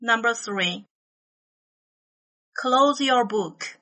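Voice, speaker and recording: A woman reading numbered items from an English listening test, each phrase slow, carefully spaced and evenly paced. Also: a little high, bright, forceful tone, low-quality recording.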